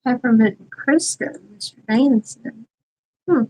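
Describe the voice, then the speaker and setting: A woman's voice: fairly high pitch, unhurried, dark tone, poor audio. A woman with a Southern US accent co-hosting a casual beekeeping live chat, chatty and emphatic, laughing often. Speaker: beekeeping livestream co-host.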